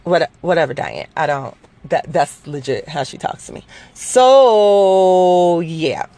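A woman's voice: fairly low pitch, expressive, slow, dark tone. A woman in her forties telling a personal story in a casual, profane, rambling way, full of fillers. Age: 40s.

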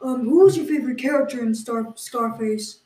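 A woman's voice: a little high, moderate pace, darkish tone. Woman grilling her co-host in an echoey room. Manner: questioning, mock-exasperated, full of fillers. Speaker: podcast co-host. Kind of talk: improvised comedy banter.

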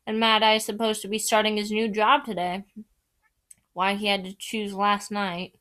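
A man's voice: high-pitched, flat delivery, moderate pace, bright, forceful tone. A woman reading aloud, voicing a harried male wizard official who pleads urgently for a friend. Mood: apologetic.

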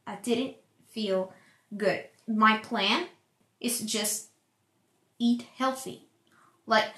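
A young woman hosting a solo podcast, chatting casually in a rambling way and calling herself loud. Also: fairly high pitch. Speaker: podcast host. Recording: echoey room.

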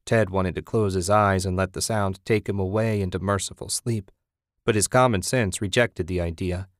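A man narrating a novel in a steady, measured voice that sits on the low side. The recording is dry and close, with no room sound around him. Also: dry recording. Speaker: audiobook narrator. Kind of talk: scripted narration.

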